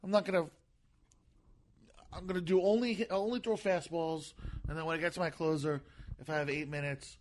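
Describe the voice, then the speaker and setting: A man with a fairly high, soft voice chats as a comedian guest on a podcast. He rambles, repeats words and keeps restarting his sentences. His voice sounds gentle rather than tough. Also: fairly even intonation, brisk, pauses often. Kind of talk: casual podcast chat.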